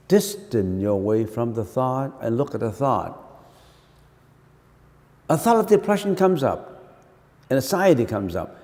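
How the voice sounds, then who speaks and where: Animated male monk in a reverberant hall. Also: medium pitch. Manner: animated, full of rhetorical questions and repeated phrases. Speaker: Buddhist monk teaching meditation. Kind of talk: dharma talk. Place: temple hall.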